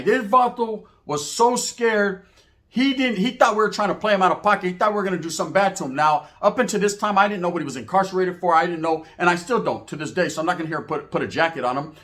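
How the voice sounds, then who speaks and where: A man tells a story in casual, slangy talk, his voice sitting a little high. He keeps it animated and acts out the people in the story as he goes. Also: fairly quick. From Merced, California.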